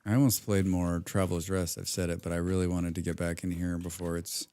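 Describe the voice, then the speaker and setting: A man's voice: low voice, level tone, brisk, dark tone, smooth. Rambling, chatty man streaming a game. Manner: rambling, chatty, hums and mutters to himself, swears casually. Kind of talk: casual live-stream chat while playing.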